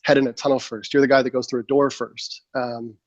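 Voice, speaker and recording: A man's voice: medium pitch, a little fast, dry recording. A man in his thirties, a military veteran guest on a podcast, telling a long story in casual talk, acting out his own quotes with plenty of fillers. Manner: animated storyteller, acts out quotes, frequent fillers. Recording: slightly muffled dry studio mic.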